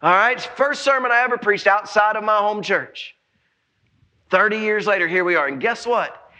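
High, bright-voiced preacher. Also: male voice, normal speed. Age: 40s. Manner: animated, shouting in bursts, joking with the congregation. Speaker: pastor. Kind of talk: sermon.

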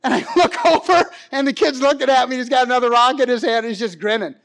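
A man with a high voice preaches a sermon and tells a story with real animation. He swings between loud, excited passages and quiet, pleading ones. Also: fast talker, gravelly.

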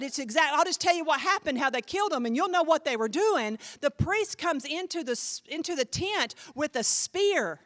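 A woman pastor preaching a sermon in an animated, emphatic way, speaking directly to her congregation. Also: high-pitched, normal speed, hardly any pauses.

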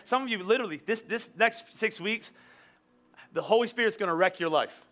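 A man in his forties preaching a sermon as a pastor, animated and storytelling with playful humor. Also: high voice, fairly quick. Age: 40s. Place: church. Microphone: wearing a microphone.

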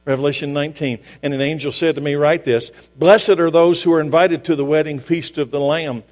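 A man preaching a sermon as pastor, emphatic, asking the congregation rhetorical questions and swinging from loud to hushed. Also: on the high side, steady tone, a little fast. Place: church sanctuary. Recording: long hall reverb with mains hum.

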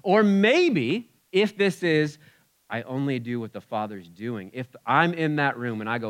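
A man preaching a sermon in a conversational way, swinging between loud emphatic bursts and quiet asides. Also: mid-range voice, expressive, moderate pace. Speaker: pastor.

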